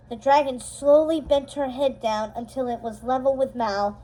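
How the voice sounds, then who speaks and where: A woman reading a storybook chapter aloud, steady and expressive, slowing down for dramatic moments. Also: high voice, poor audio. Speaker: storybook reader. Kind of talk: storybook read-aloud narration.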